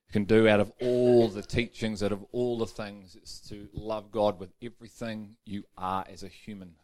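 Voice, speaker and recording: A man preaching a sermon in a chatty, storytelling way, moving into earnest teaching. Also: medium pitch. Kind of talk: sermon with a told joke.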